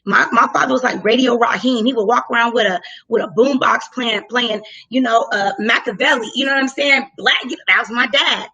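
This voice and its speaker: Animated, high bright-voiced woman storyteller. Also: brisk, creaky, few pauses, slightly rough, poor audio. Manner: animated, profane, acts out her own lines loudly. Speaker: guest telling a story. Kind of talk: casual storytelling.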